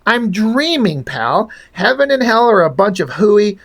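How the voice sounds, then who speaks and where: A man's voice: high voice, big pitch swings, measured pace, fairly bright tone, full character voice. A man reading the lines of a laid-back, wisecracking male comic-book hero in a breezy, joking way.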